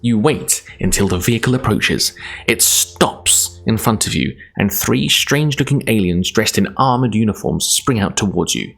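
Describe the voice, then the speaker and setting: A man's voice: lowish voice, expressive, normal speed, gravelly, a bit bright. A Scottish man streaming live, reading a gamebook aloud in a chatty, self-deprecating way, laughing often.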